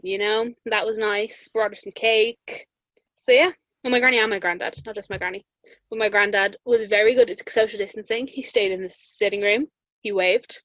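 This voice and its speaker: On muffled podcast audio with no room sound, a young Irish woman co-hosts and chats casually. Her voice is mid-range and fairly bright, with fairly even intonation and a moderate pace, as she tells stories, acts out quotes and laughs often.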